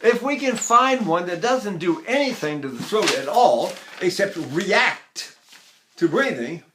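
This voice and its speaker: An older man teaching vocal technique, talking through ideas and breaking into loud sung vowels and syllables to demonstrate. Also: sits high, big pitch swings, unhurried, slight background noise. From United States.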